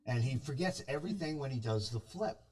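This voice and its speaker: A man's voice: mid-range voice, animated, a little fast, darkish tone, far from the mic. A man on a movie review talk show, retelling a film's story in casual chat and acting out the scenes.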